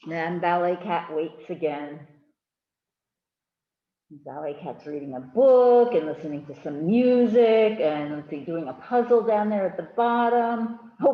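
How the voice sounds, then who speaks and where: Lively woman reading storytime aloud. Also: mid-range voice, echoey room, muffled recording. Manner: animated, chatty asides to kids. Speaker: library storytime reader. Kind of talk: children's read-aloud.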